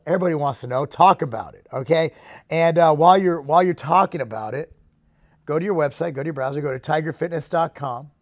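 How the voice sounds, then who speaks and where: A man hosting a fitness show, giving his opinions in casual talk to the camera. He is emphatic and excitable and speaks straight to his viewers. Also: on the high side, no echo, studio quality.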